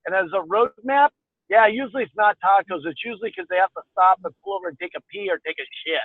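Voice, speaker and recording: A man's voice: high voice, expressive, quick pace, no echo. A man calling into a business call, speaking bluntly and outspokenly with swearing. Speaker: caller on a members' call. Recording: tinny, dry phone-line audio.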